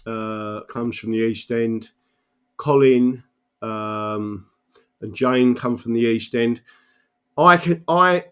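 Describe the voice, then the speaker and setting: A man from South London with a South London accent, chatting casually and telling rambling anecdotes, often adding "right?". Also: medium pitch. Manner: rambling, anecdotal, frequent "right?" asides and laughs. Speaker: political livestream host. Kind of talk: casual chat, storytelling.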